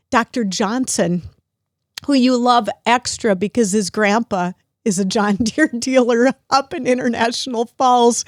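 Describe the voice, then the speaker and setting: Middle-aged woman podcast host, heartfelt and tearful, raised pitch, dry close sound. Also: no room sound. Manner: emotional, grateful, at times tearful. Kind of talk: heartfelt family conversation.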